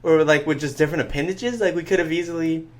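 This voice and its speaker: A man's voice: on the high side, steady tone, fast. Chatty young man who laughs a lot. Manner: chatty, laughs often, swears, meandering. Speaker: podcast co-host. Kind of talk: casual chat.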